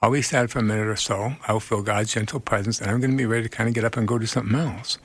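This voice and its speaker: A man speaking as a guest therapist in a radio interview, earnest and animated, laughing often as he tells stories. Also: on the low side, rapid-fire, dry recording, studio quality.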